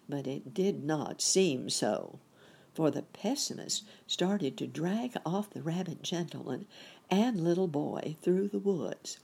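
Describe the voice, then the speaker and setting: A woman reads a children's story aloud at an unhurried pace. Her voice is low and husky, and her pitch rises and falls expressively. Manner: lively, expressive.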